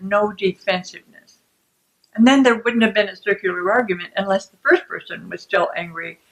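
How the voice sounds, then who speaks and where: A woman who writes self-help books, explaining shame calmly and deliberately to the camera. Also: medium pitch, poor audio. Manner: calm and deliberate.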